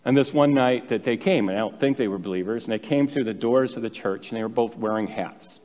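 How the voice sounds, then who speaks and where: A man's voice: mid-range voice, brisk, darkish tone. A male pastor preaching a sermon, telling stories in a conversational way with self-deprecating asides. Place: church sanctuary. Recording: long hall reverb.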